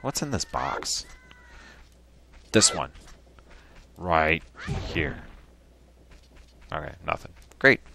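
A man with a deep, low voice gives casual video game commentary at home. His talk is chatty and relaxed, broken up by sudden excited yelps, and there is a faint hiss of noise behind him. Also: drawn-out words, creaky, pauses often. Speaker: host.

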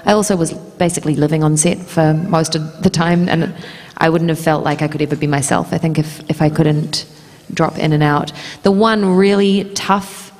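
A woman's voice: low-pitched, little pitch movement, brisk, hardly any pauses, a little mellow. A woman with a New Zealand accent speaking casually as a guest on a convention panel, chatty and laughing often. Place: large convention hall. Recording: reverberant convention hall PA.

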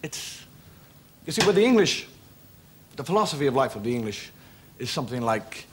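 Irish male comic, wry stand-up storyteller, animated delivery, noisy 1970s TV recording. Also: mid-range voice. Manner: wry joke-telling with quick character voices. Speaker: comedian.

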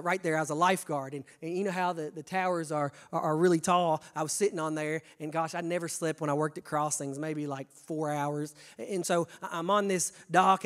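A young man preaching a sermon, stammering on restarts and swinging from hushed to shouting. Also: high-pitched. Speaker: pastor. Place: church sanctuary. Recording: long church reverb.

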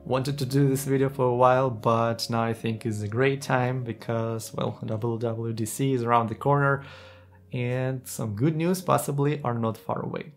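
A man's voice: mid-range voice, fairly even intonation, normal speed. A man talking to camera in a casual tech vlog, earnest and enthusiastic, with slightly non-native phrasing. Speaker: tech YouTuber.

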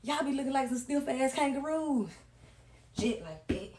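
A woman's voice: high voice, lively intonation, moderate pace, darkish tone, roomy sound. A woman in a brash, profane, bossy rant, talking through a dance demonstration. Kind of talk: casual rant and dance demo.

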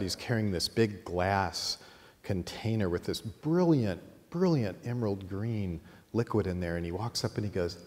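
Man telling a story in a reverberant hall. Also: low voice. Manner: lively anecdotal storyteller, laughing at his own tale. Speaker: course teacher. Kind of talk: storytelling in a lecture. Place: college teaching room. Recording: long hall reverb, faint noise.

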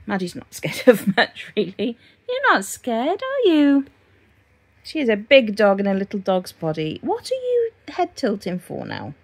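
A woman's voice: medium pitch, wildly swooping pitch, normal speed, vocal fry, hardly any pauses, a little mellow, slightly rough. A woman vlogging about crochet in a casual, rambling way, often talking sing-song to her dogs. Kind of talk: casual chat to camera.

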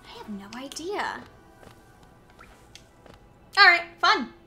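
Woman streamer, silly and animated, high pitch, casual gaming chat. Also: slow pace, soft background music. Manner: playful, silly, talks to chat.

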